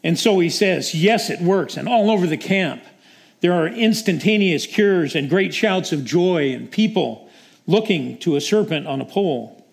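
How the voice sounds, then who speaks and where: A man's voice: fairly high pitch, expressive, moderate pace, gravelly. A male preacher delivering a sermon with dramatic storytelling.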